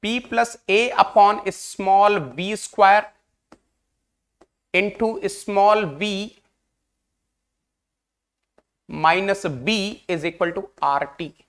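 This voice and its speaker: A man's voice: high voice, slow, a bit bright, clean tone. A male engineering teacher with an Indian English accent giving an online exam-prep lecture, repeating questions and coaxing the class in a mix of English and Hindi.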